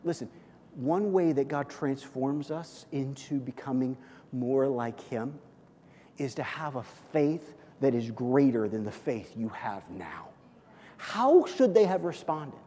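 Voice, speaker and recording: A male pastor preaching a sermon in a lively, conversational way, often checking in with "okay?" and "listen". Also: mid-range voice, slow. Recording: long reverb of a large hall.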